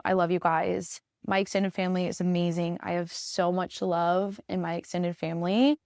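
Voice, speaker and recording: A young woman hosts her podcast alone, talking about family in a heartfelt, earnest way. Her voice sits on the low side, with plenty of gravelly fry. The recording is close and dry, with no room sound. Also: no echo. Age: young adult. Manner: heartfelt, earnest, emotional storytelling. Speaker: podcast host, veterinary student. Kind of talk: casual solo podcast talk.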